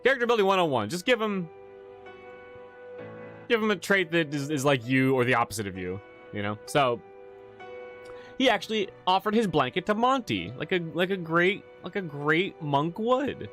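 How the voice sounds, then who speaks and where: A man's voice: on the high side, very animated, normal speed, long pauses, fairly bright tone, faint music behind. A man hosting a casual livestream as a game master, rambling and swearing with many restarts. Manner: rambling, profane, frequent restarts.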